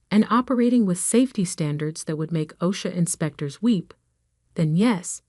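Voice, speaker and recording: A woman narrating a first-person drama story in a calm, measured way. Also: fairly low pitch, no echo, clean studio sound.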